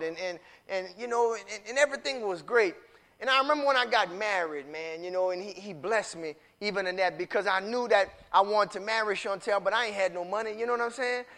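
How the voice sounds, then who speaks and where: A man preaching a sermon in casual, repetitive speech that swings from quiet storytelling to shouting. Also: high voice. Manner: repetitive, casual street talk.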